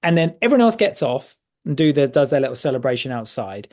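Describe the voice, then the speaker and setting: Man, podcast co-host, casual film review, rambling, laughs often, middle pitch. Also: sing-song, fast talker, darkish tone. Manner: rambling, with restarts and frequent laughs.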